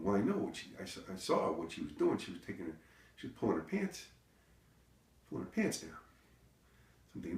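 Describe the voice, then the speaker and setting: A comedian rambling through a comic story with self-interruptions and deadpan asides. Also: male voice, fairly low pitch, normal speed, pauses often. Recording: echoey room, distant mic.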